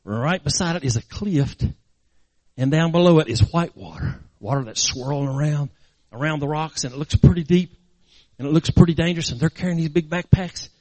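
A man's voice: a little high, fairly quick, mellow, no room sound. A man preaching, telling a story dramatically with emphatic, repeated phrases. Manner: emphatic, repetitive, dramatic narration. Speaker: pastor. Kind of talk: sermon storytelling.

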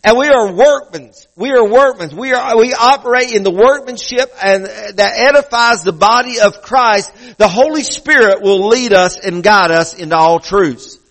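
A man's voice: high-pitched, normal speed, few pauses, fairly bright tone, rough recording. A male pastor preaching a sermon in a conversational way, often restarting and repeating phrases.

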